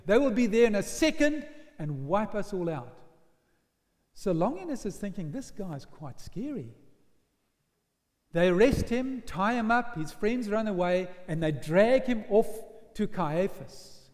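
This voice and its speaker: A man preaching with an animated storytelling manner, slipping into the voices of his characters. His voice sits high for a man. It rings out in a church with a long, echoing reverb. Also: measured pace. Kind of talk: sermon.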